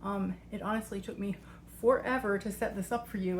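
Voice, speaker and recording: A woman's voice: mid-range voice, fairly even intonation, a little fast, a little hiss or hum. A woman, out of breath, hosts her channel and explains a tarot practice in a chatty, rambling way. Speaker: tarot coach and channel host. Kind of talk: casual video walkthrough.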